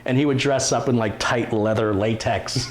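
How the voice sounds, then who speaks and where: A man hosting a casual live stream, reading out viewer comments with quick asides and laughs. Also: medium pitch, fairly even intonation, background noise. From Detroit, USA. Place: home computer workshop.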